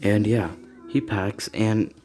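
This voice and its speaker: A man's voice: fairly low pitch, fairly even intonation, dark tone, faint music behind. Rambling man telling a story. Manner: rambling, halting, loose and informal. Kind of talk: casual improvised story narration.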